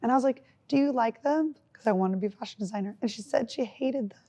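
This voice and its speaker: A woman's voice: a little high, fast, mellow. A young woman co-hosting a podcast with her mother, rambling through personal stories with frequent giggles. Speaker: podcast co-host. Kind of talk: casual chat.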